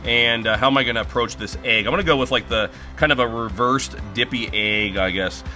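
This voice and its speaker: Brisk, pushed and bright, a middle-aged man's medium-pitched voice carries his casual griddle cooking video, shot in his home garage over soft background music. He chats freely and laughs a lot.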